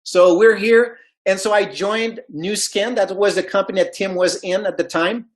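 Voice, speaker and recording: Animated man telling a sales story. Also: high-pitched, moderate pace, poor audio. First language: not English. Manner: animated storyteller, acts out quoted dialogue. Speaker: network marketing speaker. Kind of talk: motivational talk with storytelling.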